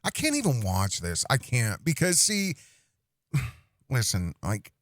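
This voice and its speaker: Slow, exasperated male commentator. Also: medium pitch, very animated. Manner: exasperated and drawn out. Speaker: podcast host. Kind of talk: commentary on a played clip.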